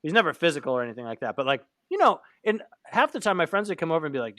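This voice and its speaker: Guy co-hosting a podcast, rambly and self-deprecating, pitch swings around a lot, dry close sound. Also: very animated, rapid-fire, pushed and bright, dry recording. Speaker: podcast co-host. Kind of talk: casual chat.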